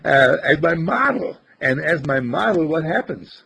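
An older man giving life advice in a casual inspirational talk, animated and chuckling, often acting out little dialogues in a husky voice. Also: on the high side, measured pace. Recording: dull lo-fi recording.

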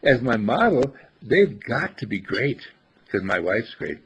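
An older man giving life advice in a casual inspirational talk, animated and chuckling, often acting out little dialogues in a husky voice. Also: medium pitch, unhurried. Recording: dull lo-fi recording.

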